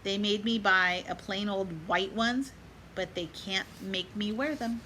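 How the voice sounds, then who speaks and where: A woman reads a children's picture book aloud in a bright, clear voice, pausing now and then to give small life lessons to children and parents. She asks her young listeners to chant along with her. A faint hiss sits under her voice. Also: mid-range voice, steady tone, rough recording. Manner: pauses to add gentle life lessons for kids and moms. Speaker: storybook reader.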